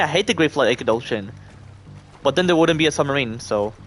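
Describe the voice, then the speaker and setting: A man's voice: a little high, lively intonation, fairly quick, fairly bright tone, soft background music. A man live-streaming a video game, talking to himself and swearing in frustration. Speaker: gaming streamer. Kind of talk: casual live-stream commentary.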